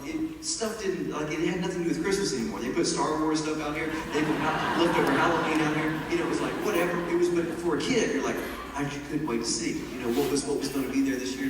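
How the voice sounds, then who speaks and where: Man, animated storyteller, a bit high, distant hall recording. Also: fast talker, very noisy. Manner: animated, chatty, laughing at his own story. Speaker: storyteller speaking to an audience. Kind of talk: lively storytelling. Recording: echoey hall from far off, loud ambience.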